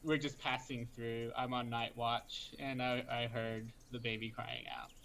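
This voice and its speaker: A man playing a tabletop game, hesitant and thinking out loud. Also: medium pitch, level tone, unhurried, a little hiss or hum. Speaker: player. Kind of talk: casual game play.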